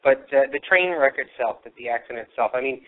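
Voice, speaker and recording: A man's voice: medium pitch, quick pace. Man, paranormal radio host, rambling history talk, slightly worn voice, tinny phone-line sound. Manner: rambling storytelling with fillers. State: losing his voice. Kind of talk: live investigation broadcast.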